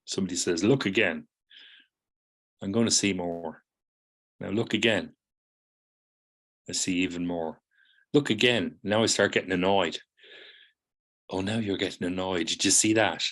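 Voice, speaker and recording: A middle-aged lecturer with a low, steady, a bit bright voice talks at normal speed with long pauses, teaching psychotherapy students patiently. He often asks "do you see?" and acts out students' responses in quoted voices.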